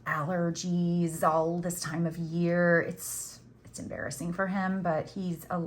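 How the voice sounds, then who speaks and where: A woman's voice: on the low side, steady tone, measured pace, fairly bright tone. A middle-aged woman hosting a crochet tutorial, chatting casually and teasing herself while she works. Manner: chatty, self-teasing, says "y'all".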